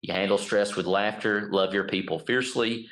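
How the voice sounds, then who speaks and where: A man's voice: on the low side, steady tone, moderate pace, a bit bright, poor audio. A middle-aged man co-hosting a podcast, reading a list of points aloud in a casual chat and laughing at his own slips. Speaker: podcast co-host.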